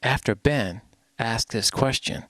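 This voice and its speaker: A man's voice: medium pitch, takes it slowly, echoey room. Male ghost-hunt host, mid voice, matter-of-fact, hissy recording. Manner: plain, matter-of-fact, with some "uh" fillers. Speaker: lead investigator and show host. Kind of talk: ghost-hunt narration and wrap-up. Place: old theater.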